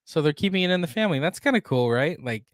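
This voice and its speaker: A man co-hosting a casual pop culture news podcast, reading out news items and then riffing on them in a relaxed way. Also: a little high, fast, no echo, clean studio sound. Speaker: podcast co-host.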